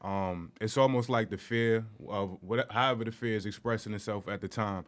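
A man guest on a podcast, speaking in a measured, thoughtful way. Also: fairly low pitch, steady tone. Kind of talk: casual chat.

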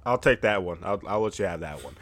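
A man co-hosting a podcast, his voice sitting low. He talks in a boastful, teasing way and laughs often in casual banter. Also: expressive, fast talker, fairly bright tone. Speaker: podcast co-host. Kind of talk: casual joking chat.

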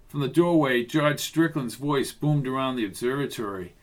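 Narrator: male, slightly high voice, steady scripted audiobook narration. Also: moderate pace, few pauses.

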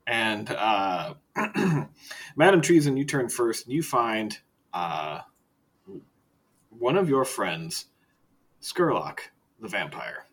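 A man's voice: fairly low pitch, sing-song, slow pace, long pauses, a bit bright, distant mic. A man narrating a tabletop game as game master, loose and rambling with lots of fillers.

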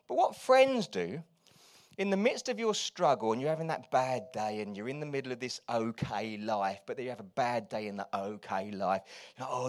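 A man preaching a sermon, moving between quiet, confiding asides and loud, urgent exhortation. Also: medium pitch. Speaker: pastor.

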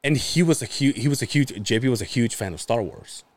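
There's a little hiss or hum under this brisk, medium-pitched male voice. A podcast co-host, he tells a casual story with lots of energy, impersonating the people involved while swearing and laughing frequently.

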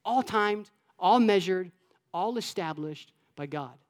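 A man from Florida preaching a sermon to his church, animated, acting out voices and dropping to a hush at times. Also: high voice, slow. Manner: animated, acts out God's voice and his own childhood taunts, with soft hushed stretches. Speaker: pastor. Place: church sanctuary with long reverb. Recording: echoey church hall.

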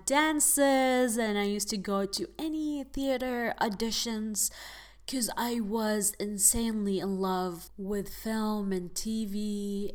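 A young woman hosts a podcast in a casual, chatty monologue. She talks straight to her listeners and fills her sentences with easy fillers, at a medium pitch for a woman. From United Arab Emirates. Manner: chatty, addresses listeners as guys, frequent fillers. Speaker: podcast host.

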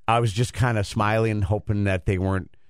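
A middle-aged man hosting a radio show, rambling and halting as he tells a story in casual banter. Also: lowish voice, steady tone, clear, resonant tone, no room sound, clean studio sound. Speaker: radio host.

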